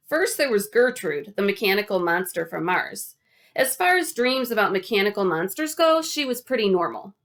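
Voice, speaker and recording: A woman reading a children's novel aloud in an animated, expressive way. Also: mid-range voice. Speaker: audiobook reader.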